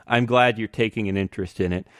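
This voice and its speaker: A man hosting a casual podcast, excitable and laughing often as he talks. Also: lowish voice, quick pace, no room sound, studio quality. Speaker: podcast host.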